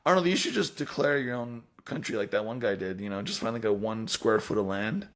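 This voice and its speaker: A man's voice: lowish voice, brisk, fairly bright tone. A man hosting a casual podcast, joking with his co-hosts and steering the talk. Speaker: podcast host.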